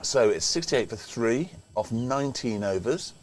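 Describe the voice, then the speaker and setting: A man's voice: medium pitch, expressive, measured pace. An older man commentating on a local cricket match in a chatty, rambling way, full of anecdotes. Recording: faint background noise.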